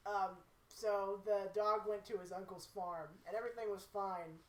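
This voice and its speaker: A woman's voice: medium pitch, fairly even intonation, normal speed, over a noisy crowd. A young woman, a podcast co-host, telling rambling stories in casual group chat and laughing often. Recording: roomy echo.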